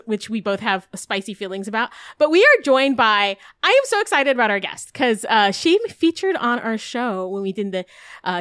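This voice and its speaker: A woman's voice: mid-range voice, fairly bright tone, clear, resonant tone, no echo, studio quality. A young adult woman co-hosting a podcast in casual chat, bubbly and full of laughs. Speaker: podcast co-host.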